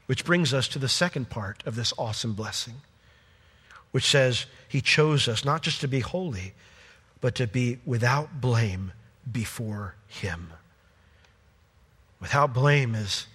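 A man preaching a sermon with passion, his voice swinging from loud peaks to hushed, quiet lines. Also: medium pitch, husky. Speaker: pastor. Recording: long hall reverb.

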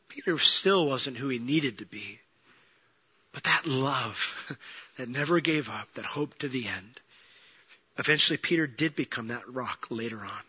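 A man preaching a sermon, telling a story with lively acted-out lines, swinging from loud and fast to quiet and low. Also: husky, lo-fi sound. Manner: animated storytelling, acting out quoted lines, rising to near-shouting then dropping low. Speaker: pastor.

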